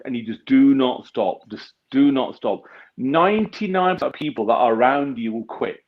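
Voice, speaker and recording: A man speaks in a husky, slightly breathy voice, pushing each point hard and cursing without a second thought. He sounds like a business founder fired up as a guest, and the dull lo-fi recording takes the top off his voice. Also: medium pitch, sing-song, a little fast. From United Kingdom. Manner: emphatic, blunt, swears freely. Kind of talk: motivational interview talk.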